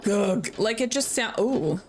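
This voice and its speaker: A woman's voice: mid-range voice, expressive, slow pace, a little mellow, slight background noise. A woman streaming a game, chatting casually, laughing often and swearing freely. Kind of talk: casual let's play commentary. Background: faint game music.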